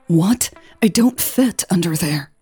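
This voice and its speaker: A woman voicing an anxious young woman in an audiobook romance, talking in hushed, urgent whispers. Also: deep voice, moderate pace, husky, no echo, full character voice. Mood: panicked whisper. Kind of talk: audiobook character voice.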